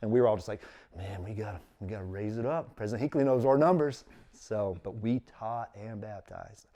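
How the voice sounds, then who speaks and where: A man's voice: on the low side, fairly quick, dark tone. A middle-aged man, telling his story in casual conversation as an interview guest and acting out quotes with big jumps in his voice.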